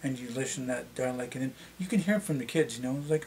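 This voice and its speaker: A middle-aged man with a Canadian accent and a slightly deep voice, chatting casually to camera and rambling with many restarts. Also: rapid-fire, few pauses, a little mellow, slight background noise. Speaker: vlogger.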